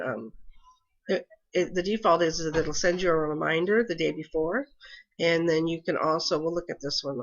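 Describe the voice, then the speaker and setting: Over lo-fi audio, a mom whose voice sits on the low side talks through her calendar setup in a casual screen-recorded tutorial. She is congested and unsure, with plenty of ums and restarts.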